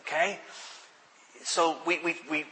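Bright-voiced preacher man teaching. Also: on the high side, level tone, slow, low-quality recording. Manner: earnest teaching with frequent restarts, dropping to quiet emphasis. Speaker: pastor. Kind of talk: sermon.

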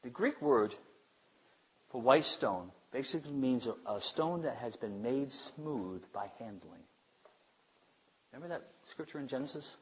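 A man preaching a sermon with emphasis, repeating phrases and swinging between loud declarations and hushed asides. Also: mid-range voice, expressive, measured pace, slightly rough, muffled recording.

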